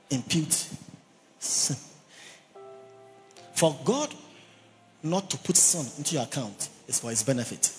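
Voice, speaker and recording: A man's voice: a little high, animated, takes it slowly, long pauses, faint music behind. A man preaching a sermon, emphatic, who repeats key words and has the congregation say phrases after him. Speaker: pastor. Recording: long reverb of a large hall.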